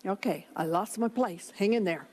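A woman's voice: medium pitch, moderate pace, a little mellow, slight background noise. A woman pastor preaching a sermon, emphatic, reading scripture aloud between her own words.

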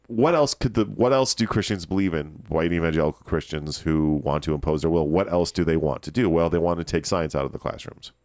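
A man hosting a podcast, giving animated, opinionated commentary with frequent restarts. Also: low-pitched, no room sound, studio quality. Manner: animated, ranting, quick restarts. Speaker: podcast host.

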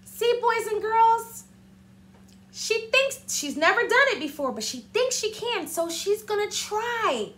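A woman teacher reads a storybook aloud to young children, animated and stopping often to ask them questions. Her voice is very high and bright, and she reads at an unhurried pace. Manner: animated, asks the listeners questions.

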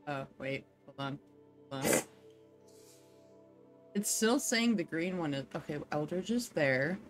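A woman's voice: low-pitched, lively intonation, measured pace, over music. A woman player in a tabletop game, chatting casually and hesitantly with many fillers. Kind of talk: casual chat.

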